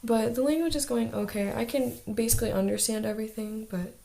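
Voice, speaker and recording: Teen girl rambling in a vlog diary, lots of "like", gravelly fry. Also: fairly high pitch, fairly even intonation, fairly quick, warm tone. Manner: chatty, lots of "like" fillers. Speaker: exchange student vlogger. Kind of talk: casual video diary.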